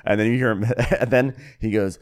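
A man's voice: fairly low pitch, steady tone, fairly quick. A man co-hosting a comedy podcast, riffing sarcastically and in an exaggerated way on a reality show. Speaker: podcast co-host. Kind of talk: comedic recap chat.

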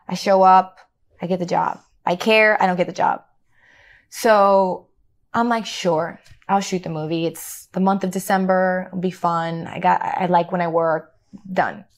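Middle-aged actress guest, animated anecdote teller, playful with quoted lines. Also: female voice, mid-range voice. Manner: animated, acts out quoted dialogue, laughs often. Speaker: actor guest. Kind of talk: casual storytelling interview.

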